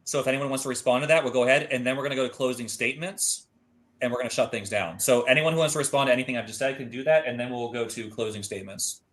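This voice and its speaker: A man's voice: medium pitch, rapid-fire, a bit bright. A man hosting and moderating an online discussion, handing out turns in a loose, informal way. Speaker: debate moderator and host.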